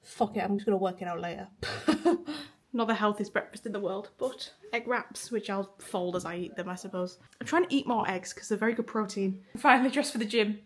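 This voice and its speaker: Her mid-range voice is brisk as this young vlogger from Liverpool, England, narrates her day around her kitchen and flat. She has a faint Northern accent, curses freely, laughs often, and films on a handheld phone or camera.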